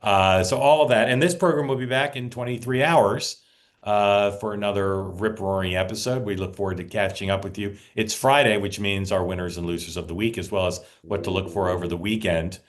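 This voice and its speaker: A man's voice: fairly low pitch, fairly quick. A man hosting a political talk show. He chats casually, plugs the upcoming programs and often restarts his sentences.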